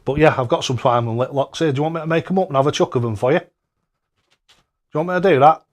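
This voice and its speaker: A man, hosting a casual darts live-stream, chatty and jokey, laughing often and loud when he greets viewers. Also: a little high, quick pace.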